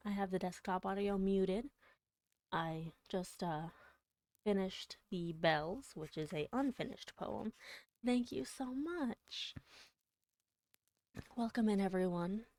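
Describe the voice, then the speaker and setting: Slow, mellow-voiced woman streamer. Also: mid-range voice, no room sound. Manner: slow and dramatic, drawing out words, with soft whispered passages. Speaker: livestreamer. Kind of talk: poetry reading and chat on a livestream.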